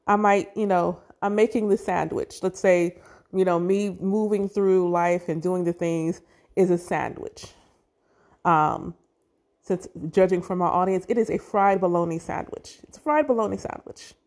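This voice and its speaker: A woman speaking casually and earnestly about spirituality and self-love, emotional at times, with sudden high swoops for emphasis. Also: darkish tone. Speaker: spiritual talk host.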